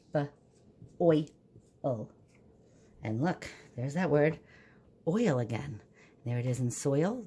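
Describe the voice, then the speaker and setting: Teacher for young kids: low, warm woman who sounds out each word patiently. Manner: patient, sounds words out slowly. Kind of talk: recorded phonics lesson for young children.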